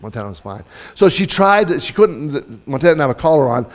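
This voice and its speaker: A man's voice: fairly high pitch, big pitch swings, fairly quick. A man giving a sermon as a pastor in a church, telling stories in a loose, conversational way with many restarts. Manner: storytelling, conversational, with frequent fillers and restarts.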